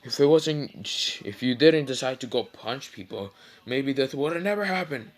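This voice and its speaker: A man's voice: medium pitch, animated, normal speed, natural voice. A man voicing a stern young male ninja scolding his brother.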